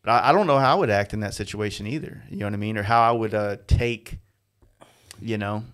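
A man hosting a podcast in casual chat, agreeable and relaxed, with lots of fillers. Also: fairly low pitch, a little fast, clear, resonant tone. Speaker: podcast host.

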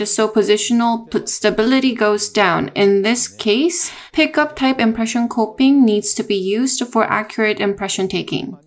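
A woman narrating a technical dental lesson in a measured, explanatory way, with small restarts. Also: mid-range voice. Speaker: dental lecturer.

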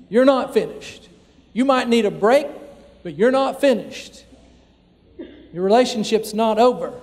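A man's voice: very high voice, a little mellow. A man preaching a sermon as pastor, talking conversationally with frequent fillers, recorded in a church sanctuary. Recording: long church hall reverb.

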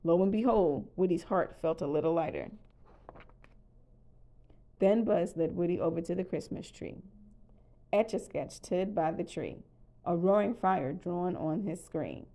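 A woman reading a children's storybook aloud in a calm, even way. Her voice is on the lower side and has a warm, mellow tone. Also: a little slow, pauses often. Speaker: storybook reader. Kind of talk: children's read-aloud narration.

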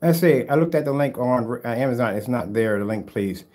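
The DIY projector screen paint video host chats on a casual livestream, trash-talking the viewers whose comments he answers and mock soothing them in a brash, teasing way. His mid-range voice is expressive, fairly quick and darkish in tone.

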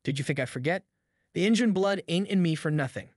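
A man's voice: a little high, fairly quick, no room sound, close to an everyday voice. Vengeful backwoods man, read by a man, cold threatening drawl, dry close sound, storybook reading. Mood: bitter.

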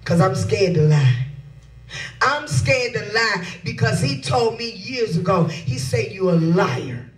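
A woman's voice: mid-range voice, animated, slow pace. A woman pastor preaching a sermon in a candid, conversational way, laughing along as she goes. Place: church sanctuary. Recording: echoey room from a distance.

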